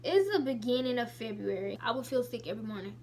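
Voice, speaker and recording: A young woman in her late teens, telling a personal story to camera in a chatty, animated way. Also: a little high, fast, slight background noise. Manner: chatty, animated retelling with lots of "I was like". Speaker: vlogger.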